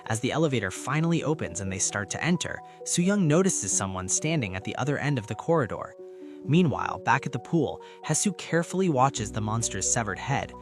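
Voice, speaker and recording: A man's voice: mid-range voice, a little fast. Man narrating a comic recap over faint music. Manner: steady storytelling. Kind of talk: scripted narration.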